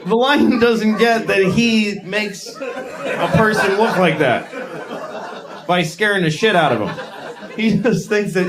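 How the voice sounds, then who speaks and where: Crude deadpan stand-up man, higher voice. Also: slow, long pauses, crowd noise. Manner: deadpan, crude, self-deprecating musings. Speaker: stand-up comedian. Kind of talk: stand-up comedy set. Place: comedy stage before a live audience. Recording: live stand-up with audience laughter.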